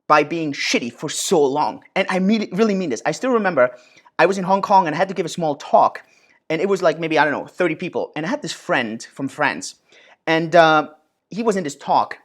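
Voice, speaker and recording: A man in his thirties hosting a casual Q&A and answering viewer questions, animated, with many fillers and restarts. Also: fairly high pitch, normal speed. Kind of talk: casual Q&A monologue.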